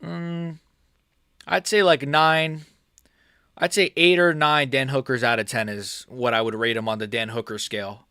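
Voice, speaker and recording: A man's voice: medium pitch, steady tone, a little slow, bright, forceful tone, clean tone, no echo. A male streamer rambles loosely about fights, cracking crude jokes and trailing off mid-thought. His voice sits in a middle range. The sound is dry and close. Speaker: MMA streamer. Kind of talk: casual livestream chat.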